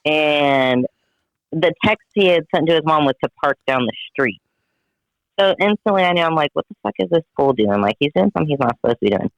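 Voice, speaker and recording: A man telling a story in a casual chat, animated and profane, acting out what everyone said. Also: fairly high pitch, a little fast, dry recording, dull audio. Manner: animated, profane, dramatic retelling with quoted voices. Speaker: guest friend telling a story.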